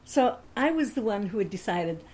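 A woman's voice: medium pitch, animated, moderate pace, darkish tone. A woman telling a personal anecdote in a chatty way, laughing often and acting out the other people in her story.

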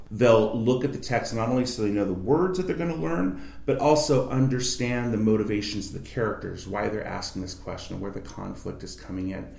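A man's voice: lowish voice, creaky, darkish tone. A man, a voice actor, explaining reading technique as a guest in a library study room. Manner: coaching, demonstrates reading aloud. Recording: roomy echo.

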